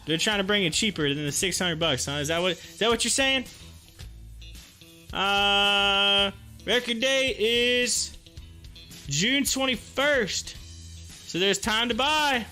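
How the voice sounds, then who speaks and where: A man hosting a live stock-market stream, chatting excitably with his viewers and reading their comments aloud. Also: sits high, slow, pauses often, soft background music.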